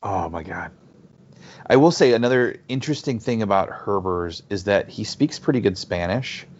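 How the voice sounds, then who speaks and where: A low-pitched man talks through a team's players in a relaxed soccer podcast chat. He stops and restarts his sentences often. The audio sounds muffled and lo-fi. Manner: halting, many restarts and fillers. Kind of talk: casual sports chat. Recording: dull lo-fi audio.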